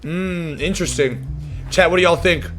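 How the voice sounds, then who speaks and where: A young man streaming a game live, reacting loudly in excitable slangy casual chat. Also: a little high, moderate pace, soft background music.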